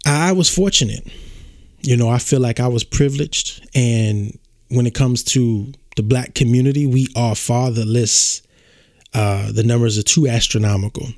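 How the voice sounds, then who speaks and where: A man's voice: mid-range voice, normal speed, a little mellow, dry recording, studio quality. A young adult man hosting a podcast, telling a personal story in a casual, emotional way, talking to listeners as y'all and often restarting his sentences. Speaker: podcast host.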